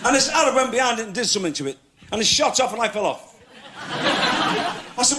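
Cheeky comedian guy with a real high voice, telling stories on stage, big noisy crowd. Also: lively intonation, a little fast, long pauses. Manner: cheeky, laughing storyteller. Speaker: comedian host. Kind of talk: stand-up audience Q&A. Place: TV studio stage with audience. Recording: loud crowd laughter, noisy TV studio.

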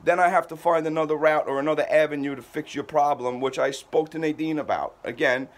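An exasperated man who owns a moving company, on a heated phone call with a customer. He sounds defensive and stammers through repeated restarts. His voice sits a little high for a man. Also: fairly even intonation, a little fast.

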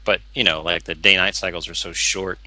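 A man's voice: deep voice, steady tone, fairly quick, sharp tone, no room sound, low-quality recording. A man chatting casually while playing a game, playful and fond of putting on accents. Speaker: game player. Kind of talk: casual gameplay chat.

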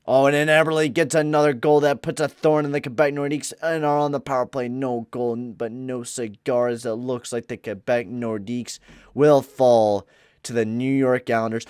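Guy doing hockey game commentary, gets super hyped then mumbles, mid pitch, dry close mic. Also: normal speed, smooth, dry recording. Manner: excitable, swings from mumbling to shouting. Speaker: gaming YouTuber. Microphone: close headset or desk mic with pop filter.

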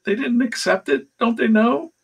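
A man impersonating a friendly, excitable faux-hillbilly comics writer, with eager questions and a drawl. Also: very high-pitched, normal speed, gravelly, breathy edge, pitched above the performer's own voice, exaggerated voice. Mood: excited.

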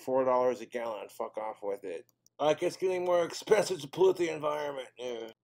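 A man's voice: medium pitch, lively intonation, fairly quick, darkish tone, slight background noise. A man doing stand-up comedy, rambling through crude jokes in a casual, off-the-cuff way.

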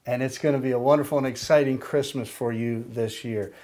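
An older man preaching a sermon, slow and deliberate, with emphatic pauses and a led prayer. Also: medium pitch, fairly even intonation, a little mellow. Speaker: pastor.

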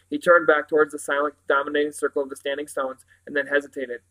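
A man reading a children's novel aloud in a steady manner, with occasional slips and restarts. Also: on the high side, fast, rough recording. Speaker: reader.

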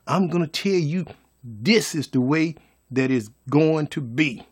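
A man voicing a domineering mother, curt, dismissive, slow-paced. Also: a little high, animated, husky, voice pushed down. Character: bossy controlling mother silencing her grown child.

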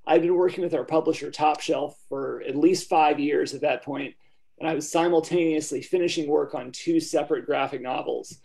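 Gravelly, mellow-voiced man. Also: on the high side, steady tone, normal speed. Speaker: illustrator. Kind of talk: panel answer.

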